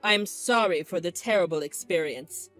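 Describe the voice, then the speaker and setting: A woman's voice: lowish voice, moderate pace, fairly bright tone, soft background music, voice pushed down, natural voice. A woman voicing a nervous, polite young male waiter who speaks apologetically. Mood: apologetic. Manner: apologetic, timid.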